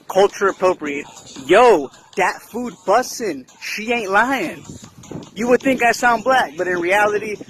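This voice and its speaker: Slow slangy man, rhetorical "right?". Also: high-pitched, fairly bright tone, a little hiss or hum. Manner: slangy, keeps asking "right?". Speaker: commentator in a clip. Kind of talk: casual monologue.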